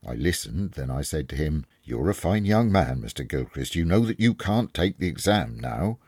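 A man's voice: extremely low pitch, very animated, moderate pace, a little mellow, husky, no echo, full character voice. A man reading a story aloud, voicing a loyal older male servant who speaks humbly and earnestly.

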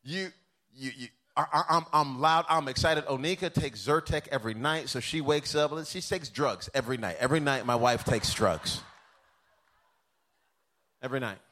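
Animated preacher man, playful and loud. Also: mid-range voice, moderate pace. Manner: animated, self-deprecating storytelling with sudden loud bursts. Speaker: pastor. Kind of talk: humorous sermon. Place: chapel.

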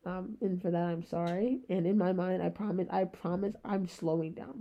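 A young woman in her twenties rambles through her solo podcast at a very fast clip. Her voice is mellow but sounds a bit rough today. The recording sounds dull and lo-fi. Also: fairly low pitch, steady tone. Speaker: podcast host. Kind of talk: solo casual chat.

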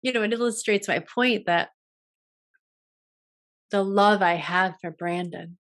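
Gentle reflective woman host. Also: medium pitch, a little slow. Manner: gentle, contemplative, with frequent restarts. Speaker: yoga and wellness podcast host. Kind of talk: reflective solo talk.

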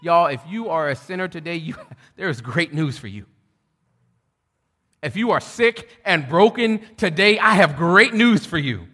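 A middle-aged man preaching a sermon, shifting between loud preaching and quiet storytelling. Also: on the high side, animated, unhurried, husky. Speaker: pastor. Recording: long hall reverb.

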